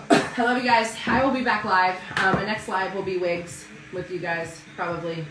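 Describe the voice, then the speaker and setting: A woman hosting a casual live stream selling wigs, bantering loudly and laughing with viewers. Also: mid-range voice, fairly even intonation, moderate pace, recorded from a distance, background noise. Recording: roomy sound from off-mic with faint music.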